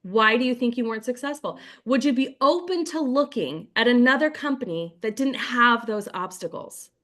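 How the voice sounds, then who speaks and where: Woman, team trainer, video call, bright voice, chatty, slightly high pitch. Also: expressive, moderate pace. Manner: chatty, acts out sample scripts in quotes; frequent "like" and "right?" fillers. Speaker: network marketing trainer leading a team call. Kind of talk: coaching on a group video call.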